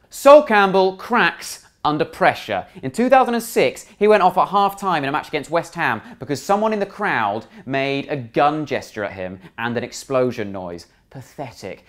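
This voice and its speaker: A man's voice: a little high, animated, a little fast, few pauses. A young man, a comedian hosting a fan channel and delivering a sarcastic, mocking comic rant to camera. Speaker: comedian host.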